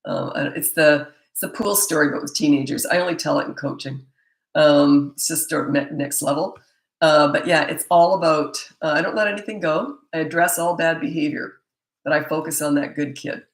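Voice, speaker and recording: A middle-aged woman, a parenting coach, answering viewer questions in a blunt, emphatic and opinionated way. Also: low-pitched. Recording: echoey room.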